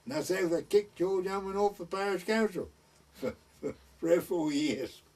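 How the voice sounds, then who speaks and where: A man's voice: sits high, normal speed, darkish tone, far from the mic. An older man with a North Essex and West Suffolk border accent, telling village stories in a rambling oral-history way and voicing the people he quotes. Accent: North Essex / West Suffolk border dialect. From East Anglia, England. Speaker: village storyteller. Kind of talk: recorded oral-history storytelling.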